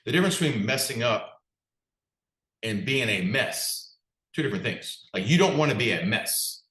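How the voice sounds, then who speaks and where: A man's voice: medium pitch, lively intonation, moderate pace, fairly bright tone, roomy sound, poor audio. A man, a business coach, giving a direct, conversational motivational talk and putting questions to his audience. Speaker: business coach for martial arts school owners.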